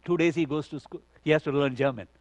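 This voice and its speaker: A man preaching at a youth conference, telling a story with lively acted dialogue and frequent "you know". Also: fairly high pitch, quick pace, dry recording. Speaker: conference speaker. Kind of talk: sermon storytelling.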